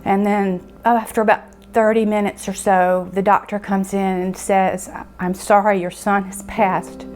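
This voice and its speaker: A middle-aged woman telling of losing her son, halting and emotional, pausing often as she speaks. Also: medium pitch, flat delivery, darkish tone, faint music behind. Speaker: bereaved mother. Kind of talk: personal testimony interview.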